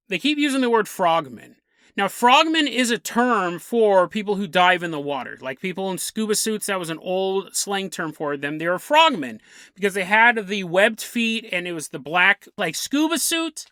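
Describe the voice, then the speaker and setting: A man with a bright, forward voice recounts a weird sea story for his podcast, casual and amused, often breaking into a chuckle. The sound is dry and close, with no room around it. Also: sits high, expressive, normal speed, clear, resonant tone, dry recording. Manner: chatty and amused, chuckling through the tale. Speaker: podcast host.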